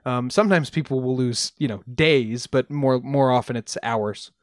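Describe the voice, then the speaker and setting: A man's voice: medium pitch, moderate pace, no echo, clean studio sound. Casual man retelling a story. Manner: relaxed, with frequent ums and restarts. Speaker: podcast host presenting research.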